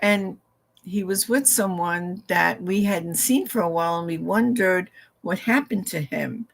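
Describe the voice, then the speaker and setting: Slow, unhurried woman telling a story. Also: on the low side, vocal fry. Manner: acts out dialogue with "he goes, I said" asides. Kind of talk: casual spoken ghost story.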